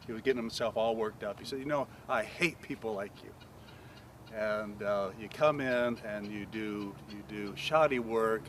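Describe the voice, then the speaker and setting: A pastor telling a story outdoors, acting out the voices of the people in it. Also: male voice, medium pitch, slight background noise. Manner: animated storyteller acting out quoted dialogue. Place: outdoors on a paved property.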